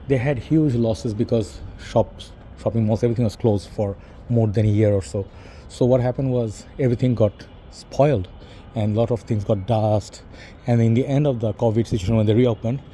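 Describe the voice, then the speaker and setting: A man's voice: mid-range voice, mellow, slight background noise. A middle-aged man with a Bangladeshi English accent, a fragrance reviewer talking to camera in a casual, rambling monologue full of "you know" and "bro".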